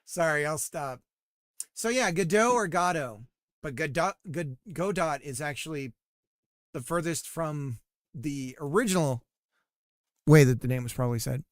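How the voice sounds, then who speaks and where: A man's voice: fairly high pitch, unhurried, long pauses, no echo, clean studio sound. A man game developer livestreaming, chatting casually while coding, rambling and self-mocking with frequent laughs.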